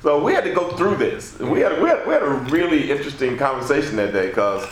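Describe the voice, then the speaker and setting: A man on a press panel giving a measured, reflective answer. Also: on the high side, very animated. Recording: echoey room, some background noise.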